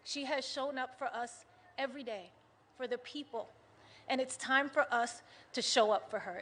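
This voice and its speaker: A high-voiced woman delivers a political rally speech at a large venue, moving from soft, earnest passages to shouts to the crowd. A cheering crowd roars around her, and steady noise runs under the live recording. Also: normal speed. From United States. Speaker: rally speaker.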